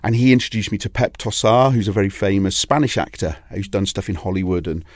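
Low-voiced Welshman telling a rambling story. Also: fast talker, a little mellow, no echo, clean studio sound. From Wales. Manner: rambling anecdotal storytelling, frequent restarts. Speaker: DJ and record label owner, interview guest. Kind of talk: casual interview chat.

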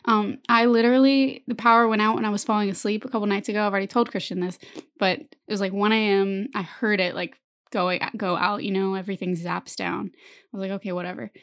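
A woman's voice: mid-range voice, little pitch movement, a little fast, fairly bright tone. A young woman co-hosting a podcast, telling stories in casual chat and often laughing. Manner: chatty storytelling, laughs often. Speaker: podcast co-host.

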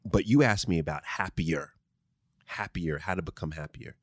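His voice sits low and his pace is moderate as a man hosts a studio show answering listener questions in a casual advice style. He stresses points, repeats key phrases, and keeps asking "right?", all in clean studio sound with no room sound.

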